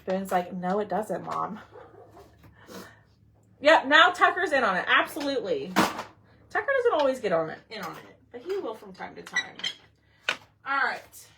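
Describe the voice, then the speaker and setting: Lady doing a craft livestream, kinda high voice, chatty w her viewers and pets. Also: big pitch swings, moderate pace, background noise. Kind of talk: casual craft tutorial livestream.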